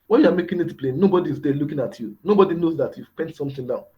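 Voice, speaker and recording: A man's voice: a little high, lively intonation, rapid-fire. A man giving a motivational mentorship lecture, repeating key words and asking rhetorical questions. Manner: rhetorical questions, repetitive emphasis. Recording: dull lo-fi recording.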